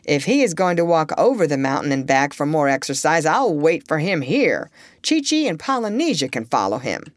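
A woman reading a storybook aloud, voicing a dignified young man who speaks in a dry, deadpan way. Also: fairly low pitch, slow, dry recording.

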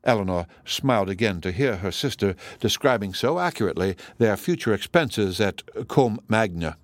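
A man narrating a classic novel aloud in a measured, even way. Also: on the low side, no echo. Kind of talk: audiobook reading of a classic novel.

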